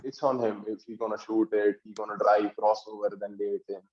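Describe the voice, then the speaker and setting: A man's voice: lowish voice, a little fast. A young man from India, a student basketball player talking in an interview, telling stories animatedly and acting out his teammates' lines. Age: young adult. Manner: animated storytelling, acts out teammates' lines, frequent "like". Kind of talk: casual interview chat. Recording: dull lo-fi sound in a roomy space.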